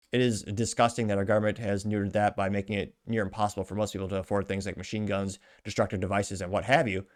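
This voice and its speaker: Indignant man ranting. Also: on the low side. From United States. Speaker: host. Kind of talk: commentary reading social media comments.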